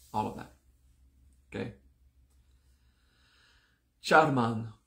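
A man teaching a live-streamed class, slow and deliberate, repeating each term several times, sounding like he has only just woken up. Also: mid-range voice, creaky, roomy sound. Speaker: yoga teacher.

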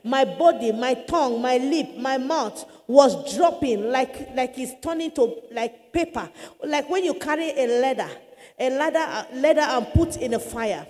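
An impassioned woman evangelist preaching her testimony, her voice high yet mellow in tone. She often cries out and shouts, and a long reverb rings behind her as if she is in a large hall. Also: animated, unhurried.

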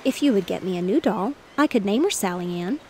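A woman reading the part of an eager, pleading little girl in a bedtime storybook, with a slightly gravelly voice. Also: medium pitch, expressive, fairly quick, darkish tone, a little hiss or hum, natural voice. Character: small excitable girl.

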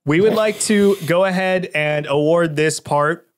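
A man's voice: a little high, a little slow. A man co-hosting a podcast, chatting casually and enthusiastically, rambling with restarts. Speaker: podcast co-host. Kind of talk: casual chat.

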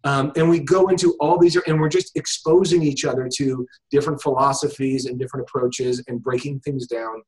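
A man who teaches hypnosis speaks briskly in a casual video call interview, hardly pausing and thinking aloud with frequent fillers and restarts. His medium-pitched voice has a darkish tone and fairly even intonation, and the recording is rough.

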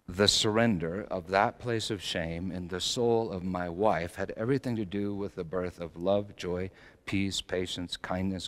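A middle-aged male pastor preaching a sermon, swinging between loud emphatic lines and hushed low phrases. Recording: long hall reverb.

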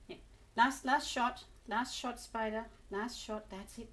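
A woman's voice: fairly high pitch, fairly even intonation, a little slow, fairly bright tone. A woman from England coaxing her cat into posing for photos, cooing and encouraging it along. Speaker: pet owner filming her cat. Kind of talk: coaxing talk to a pet.

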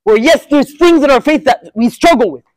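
High-voiced young man telling stories. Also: expressive, normal speed, no room sound. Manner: casual, conversational, with frequent Arabic filler words. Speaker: student speaker at a university Muslim association. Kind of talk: informal religious storytelling lesson.

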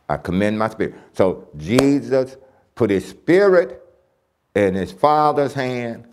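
A man's voice: fairly low pitch, sing-song, unhurried, darkish tone. A man teaching a church Bible lesson, emphatic and repeating key phrases as he reads scripture aloud.

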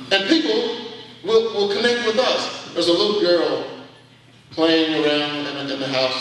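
A man's voice: a little high, fairly bright tone. A man giving a rousing political speech at a dinner, preacherly in delivery and building to emphatic peaks through repetition. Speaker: political speaker. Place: banquet hall at a dinner. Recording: echoey hall recorded from a distance.

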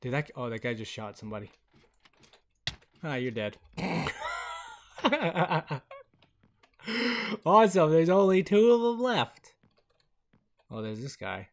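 A man hosting a casual gameplay video on a headset mic, excitable and chatty, laughing often. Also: on the high side, takes it slowly, long pauses. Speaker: gaming video host.

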